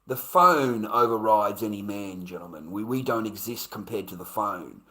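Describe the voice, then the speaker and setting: An Australian man rants on a casual livestream, blunt and profane, repeating his points. He speaks expressively at a normal speed, with a lowish voice and sharp tone.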